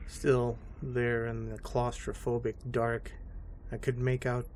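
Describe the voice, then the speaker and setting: A man narrating a scripted horror story in a slow, hushed and somber way. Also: medium pitch, monotone, a little hiss or hum.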